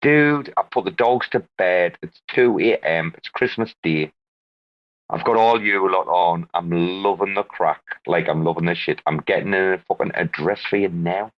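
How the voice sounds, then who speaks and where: Man, rambling casual chat, frequent swearing, lowish voice, muffled lo-fi audio. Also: normal speed. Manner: swears a lot, rambling with slangy restarts. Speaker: regular on a live crypto audio show. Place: outdoors at night.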